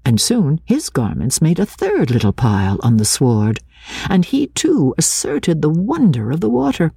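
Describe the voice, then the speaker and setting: A woman reading a classic novel aloud with expressive, lilting narration. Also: deep voice, normal speed, gravelly, husky, no room sound, studio quality. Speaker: audiobook reader.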